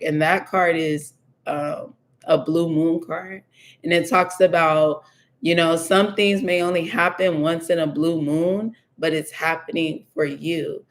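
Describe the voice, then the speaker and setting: A woman giving a casual tarot reading, thinking aloud with many fillers and repeating her questions to the cards. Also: fairly low pitch. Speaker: tarot reader.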